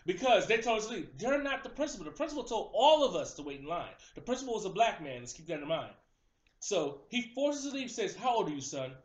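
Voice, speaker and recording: A young man in casual chat, telling a story in an animated way and acting out the people in it. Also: high voice, quick pace, reverberant, lo-fi sound. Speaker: host.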